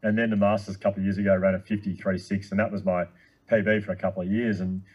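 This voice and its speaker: A man in his thirties, a guest speaker telling a long story in casual chat, excitable and quick. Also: sits low, husky, lo-fi sound.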